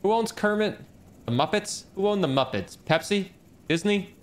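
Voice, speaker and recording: A man's voice: high voice, animated, moderate pace. A man streaming a video game, chatting casually in a rambling, joking, self-mocking way, over game music. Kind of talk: casual gaming commentary.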